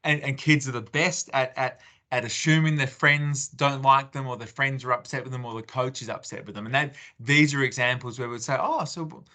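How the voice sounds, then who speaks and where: A man's voice: medium pitch, fairly even intonation, fairly quick, few pauses, pushed and bright. A man with an Australian accent giving a conversational parenting talk in a webinar, acting out parent-child exchanges with many fillers and restarts. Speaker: parenting speaker.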